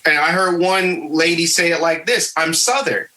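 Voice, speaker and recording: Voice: mid-range voice, level tone, normal speed, pushed and bright, rough recording. A podcast panelist in a casual discussion, talking emphatically and repeating key points for stress.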